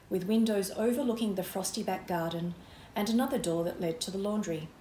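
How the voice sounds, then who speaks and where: A woman author reading her children's book aloud with clear, lively storytelling. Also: mid-range voice, echoey room, slight background noise, poor audio.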